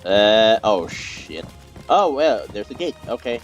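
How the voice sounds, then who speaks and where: A man's voice: lowish voice, very animated, takes it slowly, dull audio, soft background music. A young man streaming a game, chatting casually with teammates, rambling and repeating himself with lots of fillers and restarts. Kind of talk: casual gameplay chat with teammates.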